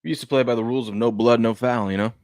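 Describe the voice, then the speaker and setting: A man's voice: medium pitch, fairly even intonation, rapid-fire, darkish tone, no room sound. A man hosting a casual sports talk show, rambling and restarting his sentences as he reacts to game clips and chat. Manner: rambling, repeats himself, frequent restarts and fillers.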